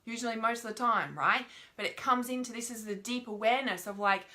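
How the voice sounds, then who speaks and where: A young woman giving an informal spiritual teaching talk, frank and animated, swearing often and checking in with her listeners. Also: a little high, a little fast.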